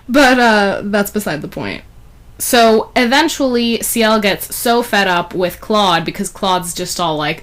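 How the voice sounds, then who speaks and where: Woman, mid pitch, casual reviewer, loose and chatty with lots of fillers. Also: measured pace, a bit bright. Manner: chatty, rambling, many fillers like "you know". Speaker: fan fiction reviewer. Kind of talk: casual spoken story review.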